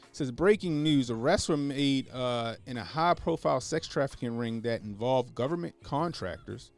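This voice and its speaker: A man's voice: mid-range voice, normal speed, gravelly, soft background music. A man hosting a casual livestream, talking animatedly with lots of swearing and laughter while answering his chat. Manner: animated, profane, laughing, reading chat aloud. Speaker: livestream host.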